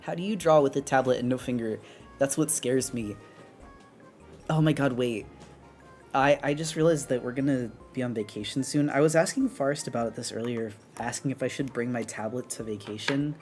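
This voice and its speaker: An art streamer in an upper-floor apartment chats casually while drawing, with a mid-range, slightly mellow voice at normal speed. She rambles, full of fillers and restarts, as faint music plays behind her.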